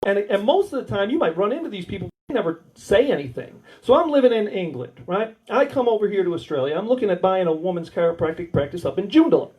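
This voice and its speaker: A man with an American accent tells rambling, crude stand-up stories, acting out every line of dialogue. His voice sits high and swings widely in pitch as he builds to each punchline. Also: sing-song, fast, hardly any pauses, darkish tone, poor audio. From United States. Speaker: stand-up comedian. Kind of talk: stand-up storytelling. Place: small warehouse comedy night.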